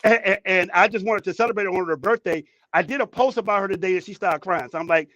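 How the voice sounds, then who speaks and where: A man co-hosting a talk show, telling a story with excitement and repeating his words. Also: sits high, quick pace, few pauses, no echo, muffled recording. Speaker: co-host. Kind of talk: casual talk show chat. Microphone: headphones, studio mic.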